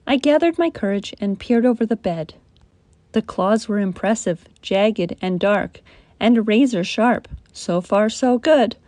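A woman reading a children's picture book aloud as a storyteller, unhurried and gentle. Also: mid-range voice, lively intonation, no echo.

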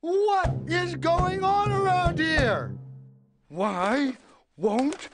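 A woman's voice: very high-pitched, lively intonation, extremely slow, music in the background, full character voice. A woman voicing a pushy, whiny cartoon pigeon in a game, wheedling and bargaining with big dramatic outbursts. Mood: pleading. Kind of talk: animated game character voice.

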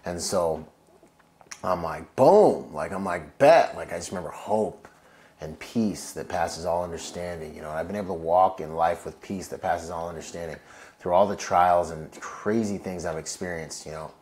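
Low-voiced man telling war stories. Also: fairly even intonation, normal speed, darkish tone. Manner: loose, heavy use of "like" and "you know"; acts out quoted voices in his stories. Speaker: guest, Marine veteran. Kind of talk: casual storytelling interview.

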